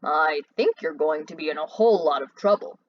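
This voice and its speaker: A woman voicing a good-humored adult male truck driver who speaks calmly, in a slightly muffled lo-fi recording. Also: sits low, a little fast, voice pushed down, natural voice. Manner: calm, then roaring with laughter.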